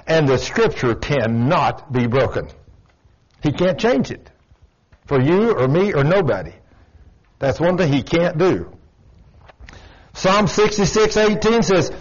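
Folksy preacher, slightly high voice. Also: male voice. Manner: folksy, emphatic, storytelling. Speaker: pastor. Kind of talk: sermon. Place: church. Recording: dull lo-fi church recording.

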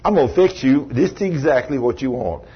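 A man voicing a sweet-talking, devoted young wife in a soft, doting way during a sermon, on a dull lo-fi recording. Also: medium pitch, animated, moderate pace, slightly rough.

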